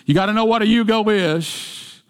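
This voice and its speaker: A man's voice: high-pitched, normal speed, clean tone. A man preaching a sermon in a folksy storytelling way, with jokes. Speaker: pastor. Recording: long hall reverb.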